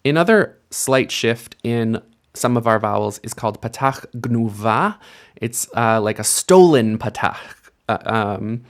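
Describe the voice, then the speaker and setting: Guy teaching hebrew vowels real slow, says each word twice, mid-pitched voice, patient. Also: lively intonation. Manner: patient, repeats each word slowly for the learner. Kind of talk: slow, careful language lesson.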